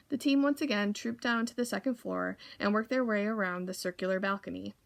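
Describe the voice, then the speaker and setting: A woman reading a children's novel aloud for a library storytime, in a calm, even manner. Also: medium pitch, a little fast, gravelly, few pauses.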